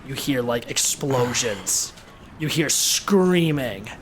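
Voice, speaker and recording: A man's voice: mid-range voice, animated, slow, background noise. Rambling man narrating a tabletop game. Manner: rambling, repeats words while thinking. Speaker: game master.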